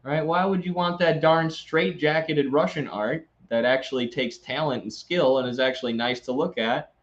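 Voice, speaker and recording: A man's voice: a little high, moderate pace, dull audio. Sarcastic man reading with commentary. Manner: sarcastic, mocking asides. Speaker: host. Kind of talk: reading an article aloud with commentary.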